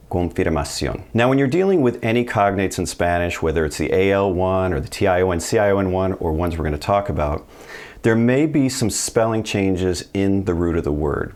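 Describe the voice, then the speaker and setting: Man, low voice, language teacher, casual and upbeat, step-by-step explanations. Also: a little mellow. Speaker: Spanish teacher. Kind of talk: friendly video lesson.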